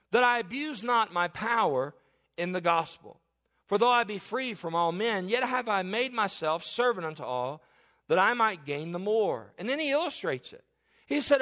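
A man's voice: sits high, a bit bright. A man in his forties preaching a sermon and reading Bible verses aloud, emphatic and given to repeating and restarting his phrases. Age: 40s.

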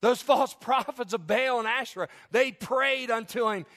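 A male preacher with a high-pitched voice delivers a sermon. He swings from loud, emphatic peaks down to soft, hushed passages. When he reads scripture he slows right down and stretches the words out dramatically. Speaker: pastor.

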